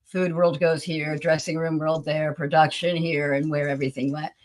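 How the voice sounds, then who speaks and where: A woman in her sixties, a talent agency founder, telling lively stories from her career as an interview guest. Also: low-pitched, normal speed. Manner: animated storyteller who acts out the people in her stories. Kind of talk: anecdotal interview storytelling.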